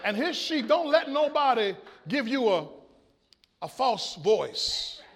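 A man's voice: very high voice, sing-song, a bit bright. A male pastor preaching a sermon, reading scripture and asking the congregation to fill in words. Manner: call-and-response preaching, drawn-out scripture quotes.

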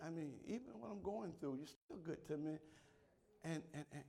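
A man preaching a sermon, swinging from shouted exclamations to quiet prayer and repeating words as he calls out to his congregation. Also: fairly high pitch, lively intonation, normal speed, gravelly, slightly rough. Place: church.

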